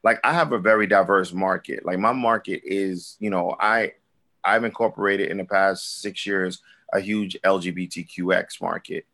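A man speaks in a somewhat low voice as a guest in a relaxed interview. He rambles, circles back on himself, and restarts his sentences as he goes. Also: moderate pace. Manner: loose and rambling, with many restarts and "like". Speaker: recording artist guest. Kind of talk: casual interview chat.

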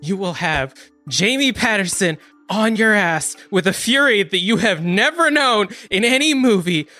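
A man voicing a brash, loyal young man who delivers a profane, drawn-out tirade over a radio. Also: high-pitched, bright, forceful tone, no echo, heavily acted.

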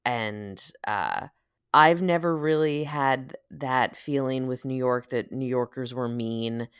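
A woman in casual conversation, telling stories with lots of laughter and loud acted-out quotes. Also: a bass voice, takes it slowly, clear, resonant tone, no echo, clean studio sound. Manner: animated storyteller, laughs often, acts out quotes loudly. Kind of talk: casual chat.

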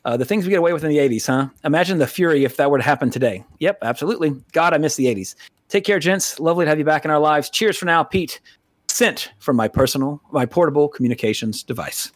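Rambling, profane American podcast host. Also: male voice, on the high side, animated, fast talker, no room sound, clean studio sound. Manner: rambling, profane, laughs often. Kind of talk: casual podcast chat.

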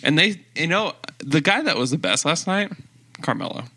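A man's voice: a little high, very animated, pushed and bright. A man co-hosting a podcast in casual sports chat, rattling off stats and joking along. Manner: quick, stats-focused, joking. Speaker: podcast co-host.

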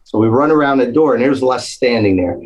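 A man's voice: medium pitch, expressive, brisk, rough recording. A man telling a long story in casual chat, acting out the voices of the people in it. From New Jersey. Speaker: guest storyteller.

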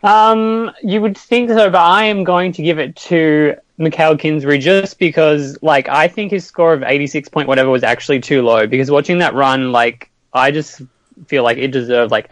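A relaxed man co-hosting a sports chat, talking things through with plenty of "like". His voice is close and dry with no room sound. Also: mid-range voice, no echo. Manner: relaxed, thoughtful, lots of "like". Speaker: co-host.

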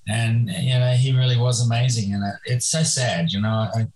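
A man in his sixties, a podcast guest, reminiscing in a rambling, halting way with many restarts. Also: mid-range voice, steady tone, a little mellow, slight background noise, poor audio. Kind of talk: remote podcast interview.

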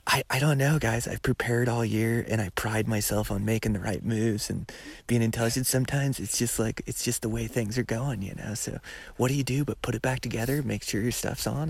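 A man talking casually to his viewers outdoors during a backcountry hunting trip, earnest and at times hushed. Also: on the low side, vocal fry. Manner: earnest, drops to a hushed near-whisper at times. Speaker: hunting vlogger. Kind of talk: casual chat to camera.

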